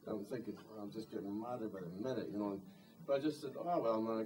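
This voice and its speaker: Between songs at a live gig, a man who writes and sings his own material tells a wry, meandering story packed with "you know." He speaks quickly in a fairly low, dark voice. The distant recording from the music venue carries a little hiss or hum.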